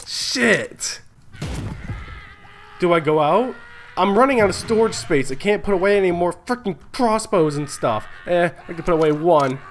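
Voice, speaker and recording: A man's voice: sits high, animated, moderate pace, a little hiss or hum. A young man commentating his own chaotic survival game, frantic, laughing and swearing. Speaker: gaming YouTuber.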